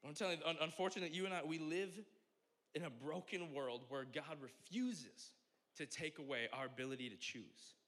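A young man preaching a sermon as pastor, joking and animated, swinging from loud exclamations to quiet asides. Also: a little high, fairly quick.

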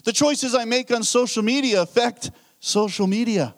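A man's voice: very high-pitched, normal speed. A pastor preaching a sermon, telling a story and acting out his own thoughts. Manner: animated storytelling with acted-out inner thoughts.

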